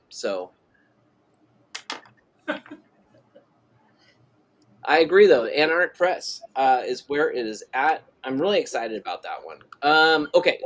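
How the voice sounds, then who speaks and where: A middle-aged man hosting a live drawing stream, chatting casually and reading out viewer messages. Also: mid-range voice. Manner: rambling, reads chat messages aloud. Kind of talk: casual chat while drawing.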